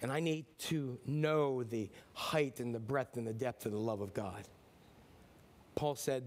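A man's voice: medium pitch, unhurried, slight background noise. A middle-aged man preaching a sermon in a conversational way, often restarting sentences and acting out short voices in his stories. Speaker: pastor.

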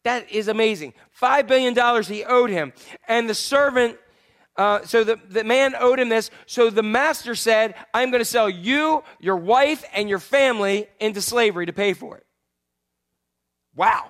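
High-voiced male pastor preaching conversationally. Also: normal speed. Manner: conversational preaching with rhetorical questions to the congregation; swings between loud emphasis and quiet, hushed lines. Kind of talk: sermon.

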